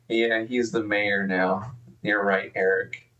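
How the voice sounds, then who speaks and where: A man's voice: on the low side, little pitch movement, slow pace, roomy sound, recorded from a distance, highs cut off. A man live-streaming and commenting casually, profane and rambling, easily exasperated.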